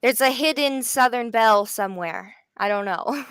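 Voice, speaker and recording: A woman's voice: a little high, moderate pace, fairly bright tone, clean tone, no room sound. A woman from Canada co-hosting a live wrestling watch party, chatting casually, laughing often and trailing off mid-thought. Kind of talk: casual live-stream chat.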